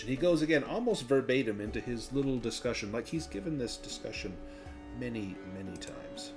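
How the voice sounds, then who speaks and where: A man narrating a tabletop game as its game master, relaxed and conversational. His voice is at a middle pitch, with faint music underneath. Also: fairly quick.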